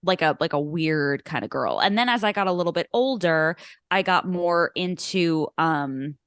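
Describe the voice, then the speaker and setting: Young woman co-host from Long Island, lower voice, dry close mic, teasing and animated. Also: normal speed, clean tone, dry recording. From Long Island, New York. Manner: playful, teasing, animated storyteller. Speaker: podcast co-host. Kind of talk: casual chat.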